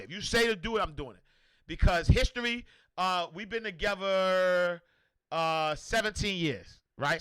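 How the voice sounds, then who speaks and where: A man from Harlem with a New York accent, hosting a casual livestream and talking in an animated, slangy, repetitive way. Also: fairly high pitch, clear, resonant tone, no room sound. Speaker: host.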